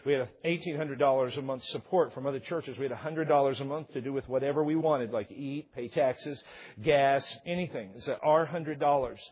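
A man's voice: mid-range voice, normal speed, slightly rough, highs cut off. A middle-aged man preaching a sermon with jokes, often putting on the voices of husbands and wives. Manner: joking, acts out couples' voices. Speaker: pastor. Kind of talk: humorous sermon.

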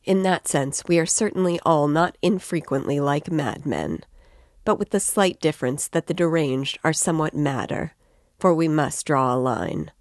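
A self-assured doctor holds forth in a low, dry voice, as a woman reads him aloud. His delivery is expansive and lecturing, like a man fond of his favourite subject. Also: moderate pace, no echo, natural voice. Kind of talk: reading a novel aloud.

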